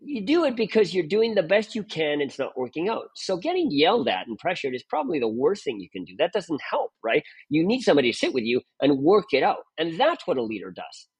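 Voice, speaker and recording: A man's voice: fairly high pitch, wildly swooping pitch, brisk, few pauses, breathy edge, no echo. A man speaking as a guest performance mentor, emphatic and full of "right?" tag questions. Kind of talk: animated interview talk.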